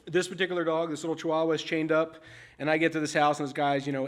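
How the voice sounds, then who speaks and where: Man, conference talk, animal services manager, animated storytelling, casual and frank, slightly high voice. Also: quick pace. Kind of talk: conference presentation. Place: conference stage.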